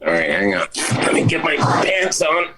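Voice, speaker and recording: A man, a comedian guest on a video call, riffing crude deadpan bits and jumping into high-pitched put-on voices. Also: normal speed, background noise. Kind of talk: riffing comic banter.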